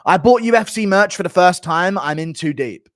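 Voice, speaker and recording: A young man in his mid-twenties hosts a casual livestream. His pitch swings around a lot as he reads donations and jokes bluntly with chat, and the sound is dry and close with no room echo. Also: lively intonation, normal speed. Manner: blunt, offhand, banters with chat. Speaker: livestream host.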